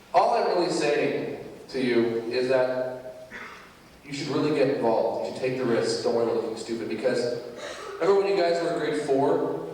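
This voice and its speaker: A man's voice: mid-range voice, recorded from a distance, slight background noise. Man speaking in an echoey gym. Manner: animated storytelling that addresses the crowd directly. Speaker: motivational speaker at a school assembly. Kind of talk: speech to a student audience. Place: large school gymnasium.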